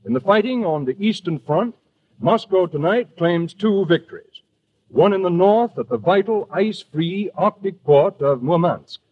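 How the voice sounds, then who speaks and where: A man reading the news and introducing a broadcast in a measured, formal announcer manner, in the style of 1940s radio. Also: high-pitched, lively intonation, slightly rough. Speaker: radio newscaster. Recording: tinny old radio broadcast.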